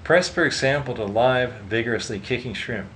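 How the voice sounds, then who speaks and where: Male narrator, mid-range voice, steady storytelling, low rumble behind. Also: moderate pace, rough recording. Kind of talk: audiobook narration.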